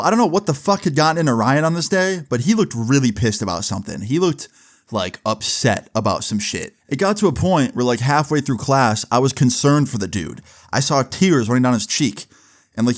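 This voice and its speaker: A young man casually telling a personal story for his vlog, loose and chatty with lots of filler words and swearing. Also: medium pitch. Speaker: storyteller vlogger.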